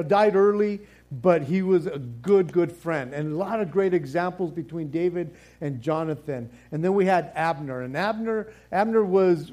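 Teaching an informal Bible study, a man with a slightly high voice and a dark tone rambles along with lots of fillers and repeated words. Now and then he playfully performs the quoted exchanges of the figures he talks about.

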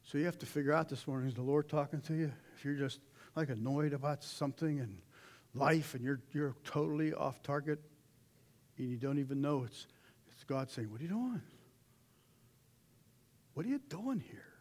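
A middle-aged man preaching a sermon in a folksy, animated way, with sudden shouted asides. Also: mid-range voice, fairly quick.

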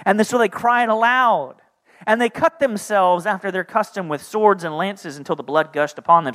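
A man in his thirties preaching a sermon, animated and joking, acting out characters in playful voices. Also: sits high. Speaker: pastor.

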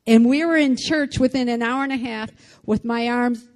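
A woman's voice: on the high side, normal speed, big-room sound. A woman giving a fervent testimony to a church congregation.

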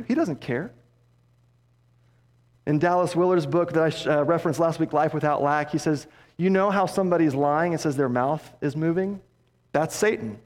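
A man preaching a sermon as pastor, passionate, dropping low and soft for emphasis. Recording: long hall reverb.

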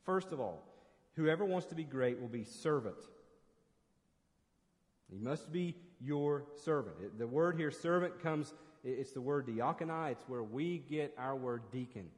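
A man's voice: mid-range voice, expressive, unhurried, in a large hall. A man preaching an expository sermon as pastor, earnest and emphatic, often restarting phrases.

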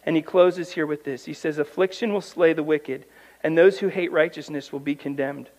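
A man preaching a sermon, reading scripture aloud and breaking in with emphatic commentary, swinging from quiet asides to loud, drawn-out emphasis. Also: fairly high pitch, fairly even intonation. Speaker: pastor.

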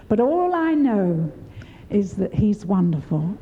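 A woman's voice: slow pace, dull audio. An older woman preaching a sermon, encouraging and often laughing as she speaks. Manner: warm, laughing, encouraging, lively pitch swings.

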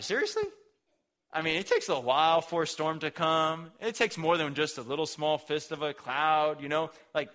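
Young male preacher, high bright voice, relaxed slangy sermon storytelling.

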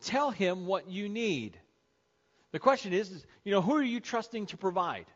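A pastor with a notably high voice preaches a sermon, driving his points home by repeating key phrases and slowing right down on the words he wants to land. The recording sounds dull and muffled, like lo-fi sermon audio. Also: expressive. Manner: emphatic, repeats key phrases, slows for stress.

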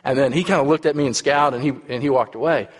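With a racing, medium-pitched voice, a Texas-accented man in his fifties delivers a storytelling sermon full of asides to the congregation. The recording carries a long hall reverb.

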